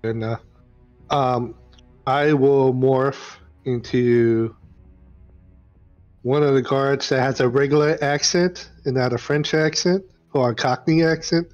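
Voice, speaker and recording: A man's voice: medium pitch, fairly even intonation, takes it slowly, a little mellow. A man playing a tabletop game, talking hesitantly with many uhs and stammers as he acts out his character. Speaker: player. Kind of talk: tabletop role-play. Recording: dull lo-fi stream with faint music.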